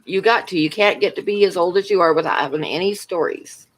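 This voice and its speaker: A woman's voice: fairly low pitch, fairly quick. Brief: woman livestreamer, casual chat, rambling anecdotes, frequent laughs, asides to chat. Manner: rambling storyteller, laughs often, talks to chat.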